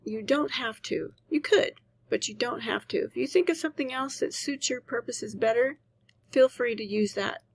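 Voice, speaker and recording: A woman's voice: on the high side, vocal fry, no echo. A woman teacher patiently explaining a writing assignment to her students, often checking in with "right?". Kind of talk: recorded class lecture.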